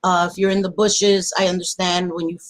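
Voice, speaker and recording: A woman hosting a casual livestream, greeting viewers warmly by pet names and swearing freely in animated chat. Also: lowish voice, a little fast. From Latina. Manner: animated, swearing, affectionate nicknames. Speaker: livestream host.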